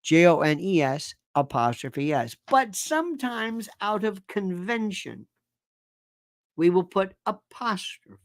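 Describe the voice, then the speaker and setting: Male host from Florida; slow, sarcastic, pedantic lecturer with a swooping, animated delivery, recorded dry. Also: high voice, no room sound. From Tampa, Florida, USA. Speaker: show host. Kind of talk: live commentary monologue.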